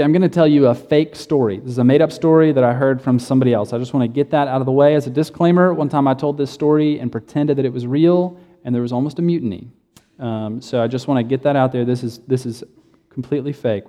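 Man, pastor, casual storyteller, mellow tone, long hall reverb. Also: mid-range voice, fast. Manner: casual, joking, self-correcting storyteller. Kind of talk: sermon with storytelling.

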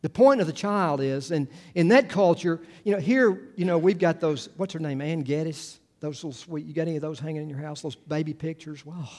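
A man's voice: a little high, darkish tone. A man preaching a sermon to a congregation, speaking in a conversational way with frequent restarts and asides. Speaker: pastor.

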